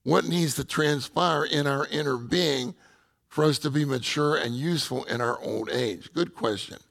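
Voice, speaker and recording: A man's voice: on the high side, normal speed, gravelly, a bit bright. A man ministering at a church meeting, answering questions and telling personal stories in a reflective, conversational way with many fillers. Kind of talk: informal sermon with personal stories.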